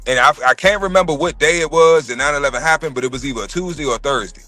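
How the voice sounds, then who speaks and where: A man in his thirties telling a personal story in casual chat, profane and animated. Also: on the high side, fast. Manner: profane, animated storytelling, acts out quoted voices.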